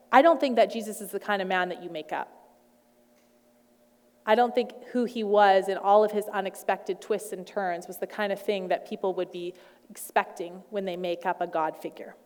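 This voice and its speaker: A woman's voice: medium pitch, in a large hall. A woman preaching a sermon in a conversational way, with playful asides.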